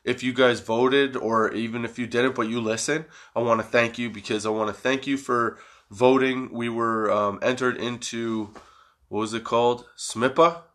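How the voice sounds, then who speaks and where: A man hosting his own podcast, rambling in a casual, profane, self-mocking way after staying up all night high. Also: level tone, moderate pace, a bit bright. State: sleepless and high. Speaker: podcast host.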